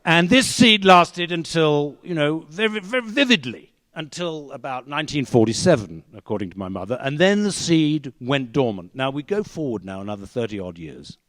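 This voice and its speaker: A man's voice: a little high, animated, moderate pace, hardly any pauses, a bit bright, no echo. A man telling a story on stage, with wry, dry humor. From England. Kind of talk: live storytelling performance.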